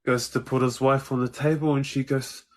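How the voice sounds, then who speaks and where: A man's voice: medium pitch, level tone, normal speed. A New man chatting casually as a guest, laughing often and quoting film lines. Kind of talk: casual chat.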